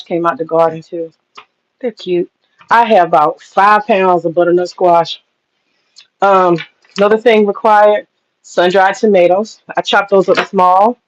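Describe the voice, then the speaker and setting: A woman's voice: fairly low pitch, dull audio. A woman telling stories and cooking in a casual vlog, chatty and profane. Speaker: cooking vlogger.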